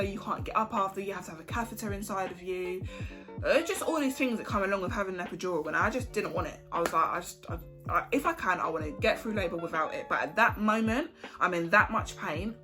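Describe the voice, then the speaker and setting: A woman's voice: medium pitch, quick pace. A young woman telling her story in a frank, chatty way, swearing casually. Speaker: vlogger. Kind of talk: candid storytime chat. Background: background music.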